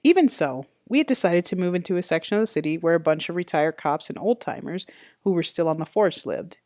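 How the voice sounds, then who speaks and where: A woman reading a first-person detective novel aloud in a steady, matter-of-fact way. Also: fairly low pitch, brisk, no room sound, clean studio sound. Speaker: audiobook narrator. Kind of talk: first-person audiobook narration.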